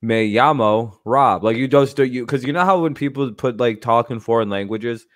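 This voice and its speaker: A man in the middle of an easygoing stream, talking in a loose, rambling flow that's peppered with swearing and quick laughs. His pitch sits mid-range for a man. The sound is close and dry, with hardly any room around it. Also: no echo. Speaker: streamer host. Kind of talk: casual livestream chat.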